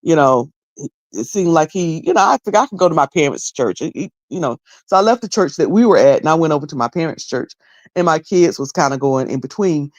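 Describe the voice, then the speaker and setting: A woman's voice: deep voice, lively intonation, fairly quick, no room sound, dull audio. Rambling woman commentator, dry close sound. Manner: rambling, repeats words, folksy and candid. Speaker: online commentator. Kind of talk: casual commentary on a video.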